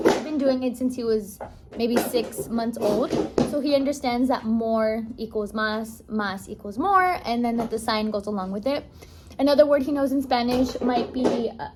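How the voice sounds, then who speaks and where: A woman's voice: on the high side, heavy background noise. A woman vlogging casually at home, a mother of a toddler who explains things in a chatty way, with fillers and restarts. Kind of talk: casual home vlog talk. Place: home, indoors.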